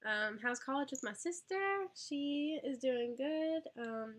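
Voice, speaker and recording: A woman's voice: sits high, slow. A young woman and mother answering viewer questions on a casual live stream, with lots of ums and small laughs. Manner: chatty, lots of ums, talks to her baby. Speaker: vlogger and mother.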